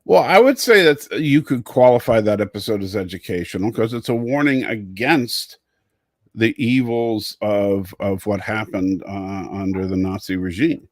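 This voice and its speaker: A man's voice: on the low side, moderate pace, no room sound, studio quality. A man hosting a casual livestream chat, rambling, repeating words and reading out viewer comments. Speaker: show host.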